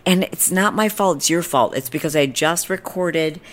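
Low-voiced woman telling a snarky story. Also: moderate pace. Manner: animated, snarky retelling with quoted voices. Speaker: podcast host. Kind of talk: casual storytelling.

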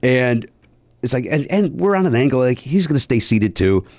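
A man telling a long story in casual podcast chat, animated and a bit profane, with high mock voices for people he quotes. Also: normal speed, no echo, studio quality. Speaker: podcast host.

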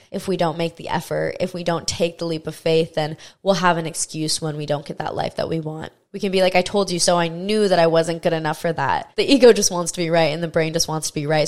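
A young adult woman speaks on her solo self-help podcast. Her voice sits a little low, and her delivery is earnest and motivational, hammering points home through repetition. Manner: earnest, emphatic, motivational, repeats phrases for impact. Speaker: podcast host.

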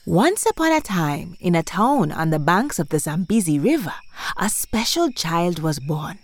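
A woman narrating a children's folk tale, expressive and animated. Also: fairly low pitch, unhurried. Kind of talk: storybook narration. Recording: music underneath.

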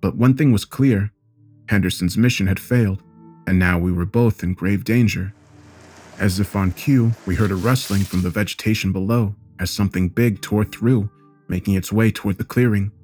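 Male horror narrator, lower register, grave and measured scripted read. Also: soft background music. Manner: steady, grave storytelling. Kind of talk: scripted first-person narration.

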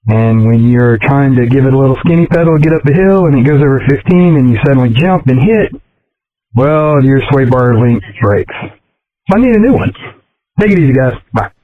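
A man leaving a relaxed, easygoing voicemail for a podcast as a caller. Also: medium pitch, brisk. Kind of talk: recorded listener voicemail. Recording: tinny phone line.

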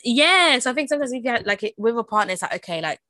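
A woman's voice: on the high side, expressive, quick pace, pushed and bright, no echo. A British woman co-hosting a podcast in casual chat, talking loosely with lots of "like" and frequent laughter. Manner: chatty, lots of "like", laughs often. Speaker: podcast co-host.

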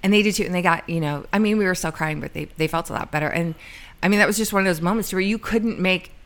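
A middle-aged woman with a somewhat low voice tells a personal story on a podcast. Her talk is chatty and rambling, full of ums and restarts, and she acts out her own lines as she goes. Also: quick pace. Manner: chatty, many ums and restarts, quotes herself. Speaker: podcast co-host. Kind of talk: casual storytelling chat.

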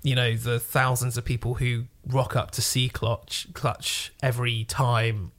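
A man co-hosts a rock podcast and lays out his opinions in long, measured, winding sentences. He is steady and conversational with a middle-pitched voice, and he sometimes laughs or swears for emphasis. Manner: thoughtful, measured, rambling opinions. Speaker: podcast co-host. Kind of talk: casual chat.

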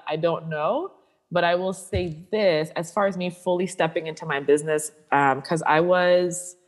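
A woman sexuality coach speaking candidly as an interview guest, animatedly acting out the voices of people she quotes. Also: deep voice. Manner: animated storyteller who acts out quoted voices.

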